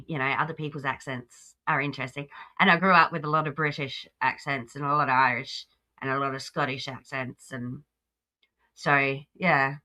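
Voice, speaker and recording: A woman's voice: sits low, pushed and bright. An Australian woman hosting a livestream, chatting casually and talking back at the clip she reacts to. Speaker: livestream host.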